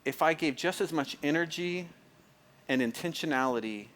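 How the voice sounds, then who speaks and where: A man preaches as pastor in a conversational way, his voice on the high side and a bit bright at a moderate pace. He often repeats phrases, stumbles and restarts, fills with "like," and asks listeners if it makes sense.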